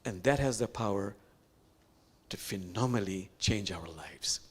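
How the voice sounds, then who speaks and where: A man, an imam, giving a reflective sermon, slow and unhurried with pauses and soft, whispered asides. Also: fairly low pitch, slightly rough.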